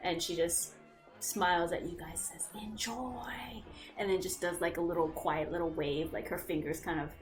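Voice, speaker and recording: A playful woman runs a tabletop game as game master, narrating scenes with frequent laughs and asides. Her voice sits on the low side for a woman, and music plays behind her. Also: little pitch movement, normal speed.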